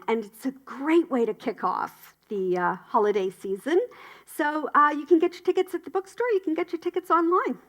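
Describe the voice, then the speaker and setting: A woman giving enthusiastic, chatty announcements at a spiritual community service, cheering the news along. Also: high-pitched. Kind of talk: upbeat church announcements. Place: spiritual community gathering indoors.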